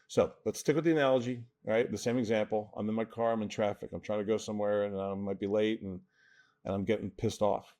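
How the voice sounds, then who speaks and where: Earnest New coach, emphatic. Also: male voice, on the low side, fairly even intonation, fast talker, warm tone. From New Jersey. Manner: earnest, emphatic, often checks in with "right?". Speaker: mental toughness coach, guest. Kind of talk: podcast interview, explaining.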